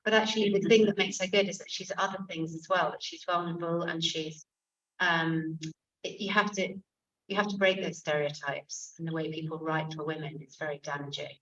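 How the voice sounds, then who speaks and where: Low-voiced woman, distant muffled recording. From England. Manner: lively storytelling with quick asides and fillers. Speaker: author and comic actress, event guest. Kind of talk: conversational talk at a book event. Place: bookshop event room.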